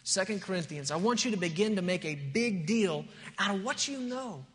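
A man's voice: high voice, animated, normal speed, a bit bright, long reverb tail, a little hiss or hum. A male pastor preaching a sermon, telling a story and building to emphatic, rising points.

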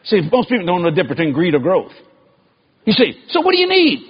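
A middle-aged man preaching a sermon in an animated storytelling way, shouting and laughing as he goes. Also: high voice, quick pace, slightly rough. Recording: dull lo-fi recording.

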